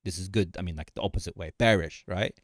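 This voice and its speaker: A man hosting a casual market commentary livestream, animated and joking, often repeating himself and laughing. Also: deep voice, fast talker, no room sound, studio quality. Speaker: livestream host.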